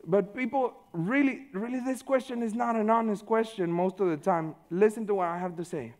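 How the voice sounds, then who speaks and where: A man giving a conversational sermon, informal and full of "you know", swinging between loud stretches and hushed ones. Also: high voice, normal speed. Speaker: preacher.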